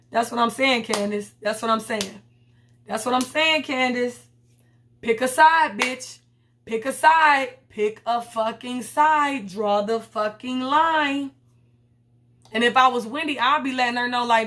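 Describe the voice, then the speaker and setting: A woman's voice: fairly high pitch, unhurried, fairly bright tone. A young woman reviewing a reality TV episode in a blunt, profane, slangy casual chat. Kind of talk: casual commentary vlog.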